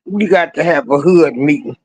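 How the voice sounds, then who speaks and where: A woman's voice: low-pitched, darkish tone, pitched below the performer's own voice. A woman doing a streetwise man calling a meeting. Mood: coaxing. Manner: brisk, slangy, coaxing. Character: streetwise man rallying his neighborhood friends.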